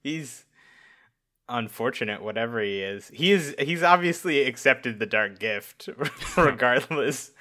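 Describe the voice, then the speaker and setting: Rambling male podcast co-host, bright tense tone, hesitant. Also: mid-range voice, animated, unhurried. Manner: rambling, hesitant, with many fillers and chuckles. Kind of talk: casual podcast chat.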